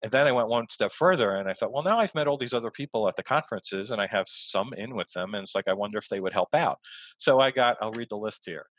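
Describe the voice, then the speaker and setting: A man, a guest, telling stories in a rambling, quick conversational way over a video call. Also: lowish voice, animated, fairly bright tone, no room sound, dull audio. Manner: rambling, quick storytelling with restarts. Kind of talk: casual conversation.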